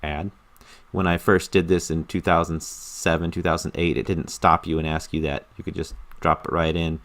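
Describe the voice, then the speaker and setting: A man's voice: low voice, level tone, normal speed, a bit bright. A man explaining how he studies a language with audio lessons, in an earnest, enthusiastic manner, often repeating words for emphasis. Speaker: language learner explaining his study method. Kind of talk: casual screen-recorded tutorial.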